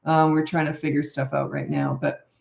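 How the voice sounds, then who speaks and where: A Canadian parenting coach in her sixties answers viewer questions in a live Q&A, candid, chatty, and self-deprecating. Her low voice is sing-song and a little mellow at normal speed, with reverb around it.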